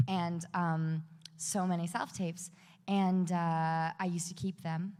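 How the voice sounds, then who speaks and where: An actress on a convention panel speaking frankly and reflectively, swearing casually. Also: female voice, on the low side, level tone, slow pace, a little mellow, clear, resonant tone. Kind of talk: candid panel chat. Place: large convention hall. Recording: echoey convention hall.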